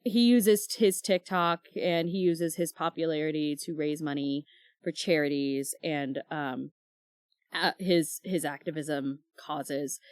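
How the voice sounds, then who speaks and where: A woman's voice: low voice, fairly even intonation, a little slow, dry recording, clean studio sound. A woman co-hosting a book club podcast, telling stories in casual chat with lots of fillers and acted-out quotes. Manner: chatty storyteller, many fillers, acts out quoted dialogue.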